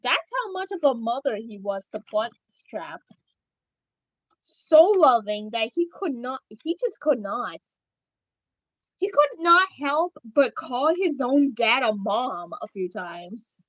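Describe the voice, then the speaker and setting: A woman hosting a casual livestream chat, telling a rambling, animated story. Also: fairly high pitch, slow pace, no echo, poor audio. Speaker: livestream host.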